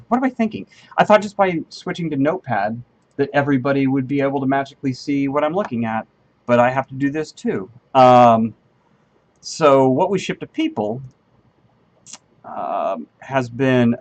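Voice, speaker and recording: Rambling man thinking aloud on stream. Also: medium pitch. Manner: thinks aloud, rambling with many ums and half-finished sentences; friendly and self-deprecating, answers chat readers. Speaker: game engineer streaming live coding. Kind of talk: casual live-stream chat while programming.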